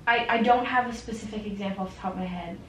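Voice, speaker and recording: A young woman chatting casually and telling animated stories, with constant "like" fillers. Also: mid-range voice, racing. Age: young adult. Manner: animated storyteller, full of "like". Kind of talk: casual chat. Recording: roomy, distant mic, faint noise.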